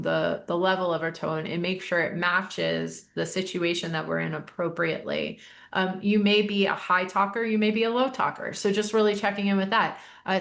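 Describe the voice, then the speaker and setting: Woman coach talking casually, bit of gravel in her voice, acts out little voices, middle pitch. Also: fairly bright tone. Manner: acts out quoted voices, restarts often. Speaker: life coach host. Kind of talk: casual educational chat.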